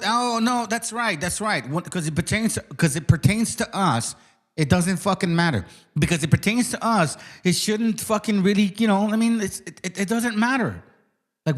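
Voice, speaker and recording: A man delivers profane biblical commentary as a channel host. He is confrontational and swears constantly, hammering viewers with repeated challenges. His speaking voice sits a little on the high side. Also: expressive, a little fast.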